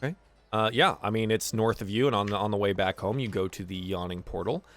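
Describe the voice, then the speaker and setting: A man's voice: fairly low pitch, fast, a bit bright, faint music behind. A man running a tabletop game as game master, narrating casually with plenty of fillers.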